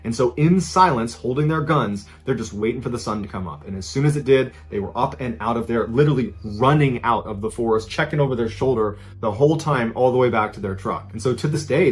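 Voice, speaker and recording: A man's voice: a little fast, hardly any pauses. Man telling a suspenseful true story. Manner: suspenseful, drops to a hushed low voice at tense moments. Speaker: podcast storyteller. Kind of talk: dramatic true-story narration.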